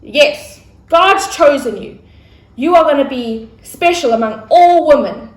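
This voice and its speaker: A friendly male angel Gabriel, voiced by a woman brings news in a casual, unhurried way. The pitch sits high and moves a lot. The room adds a roomy echo. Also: lively intonation. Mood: reassuring. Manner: casual, laid-back messenger.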